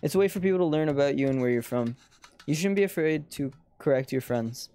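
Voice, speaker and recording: A game streamer reading the part of a caring immigrant mother in an earnest, gentle way. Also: mid-range voice, expressive, fast talker, pitched above the performer's own voice, close to an everyday voice.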